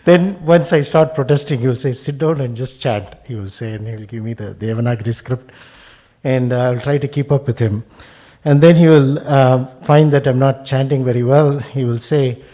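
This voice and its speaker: A man from Tamil Nadu giving a lighthearted memorial talk, quietly recounting jokes with fillers. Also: medium pitch, moderate pace. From Tamil Nadu, India. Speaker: devotee speaking at a memorial. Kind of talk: lighthearted remembrance speech.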